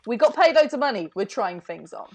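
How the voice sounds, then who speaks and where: A woman playing a character in a tabletop game, bubbly and excitable. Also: on the high side, fairly quick. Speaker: player. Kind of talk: in-character tabletop role-play.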